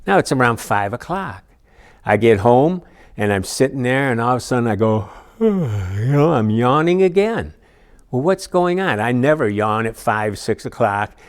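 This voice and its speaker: A man's voice: medium pitch, expressive, moderate pace, smooth. A man giving a conversational church lesson, telling personal stories with frequent asides. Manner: storytelling with personal anecdotes, many asides. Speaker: church teacher. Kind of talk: conversational teaching talk.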